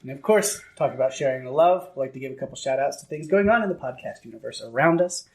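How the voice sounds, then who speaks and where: A man's voice: medium pitch, animated, fast talker. A man co-hosting a podcast, chatting casually and thanking a listener for his feedback. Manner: upbeat, warm thanks to listeners. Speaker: podcast co-host.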